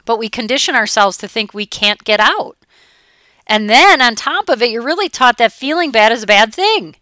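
A middle-aged woman coach talks in a chatty, animated way, slipping into her clients' voices. Her voice is bright and smooth, and the recording is dry and close with no room sound. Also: a little high, no room sound. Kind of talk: motivational talk.

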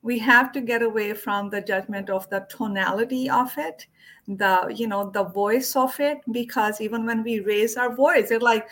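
A woman hosting a casual wellness conversation, talking expressively and quick to agree. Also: fairly high pitch, a bit bright. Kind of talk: casual spiritual wellness chat.

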